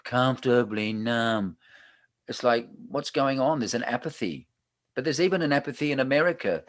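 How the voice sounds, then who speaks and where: A man's voice: medium pitch, expressive, moderate pace, no room sound. Aussie guy hosting a live chat, jokey and rambling, pretty dry sound. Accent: Australian. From Australia. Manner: chatty, jokey, laughs often. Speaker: host. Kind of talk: casual livestream chat.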